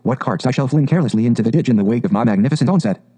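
A man voicing a conceited, car-obsessed male toad who speaks in a dreamy, drawn-out and rapturous way, in a storybook reading. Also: mid-range voice, dark tone, close to an everyday voice, rough recording.

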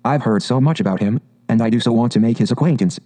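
A man voicing a timid, candid male mole from a storybook, speaking politely and gently. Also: medium pitch, quick pace, lightly acted. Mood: gentle.

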